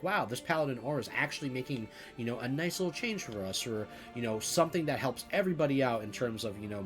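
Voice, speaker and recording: A man with a fairly low voice talks casually to his viewers in long, looping sentences. He leans hard on "you know" and often restarts mid-thought. Soft music plays faintly underneath. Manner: rambling, heavy use of "you know", restarts. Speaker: gaming video creator. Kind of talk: casual commentary to camera.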